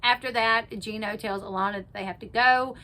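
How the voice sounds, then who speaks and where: A woman's voice: on the high side, steady tone, fairly quick, sharp tone. A woman casually retelling a TV episode for her channel, chatty and full of "like", acting out what people said. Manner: chatty, peppers speech with "like", acts out quotes. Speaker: YouTube recap host.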